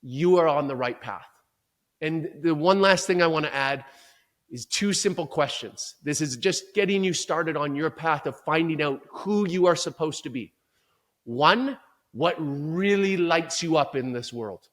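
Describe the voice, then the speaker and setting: A man speaking as a performance coach in an interview, talking in an emphatic, energetic, motivational way. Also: on the high side, measured pace.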